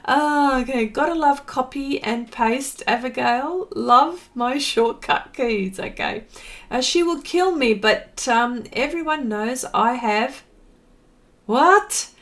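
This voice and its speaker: A woman chatting on a painting live stream at an unhurried pace, her voice sitting a little high. She reads viewer comments aloud, stumbles over tricky words and laughs it off in a loose, homey way, talking into a computer mic at home. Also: a bit bright.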